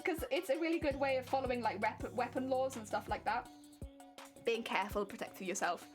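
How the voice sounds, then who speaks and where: A young woman, chatting casually and laughing often as she talks to viewers on her craft live stream. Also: sits high.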